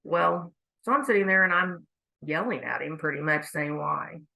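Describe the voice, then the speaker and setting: Woman chatting about god and life, lowish voice with some fry, just telling a story casually. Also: moderate pace, sharp tone, rough recording. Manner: candid, conversational storytelling. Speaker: speaker sharing a faith reflection. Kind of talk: casual faith talk to viewers.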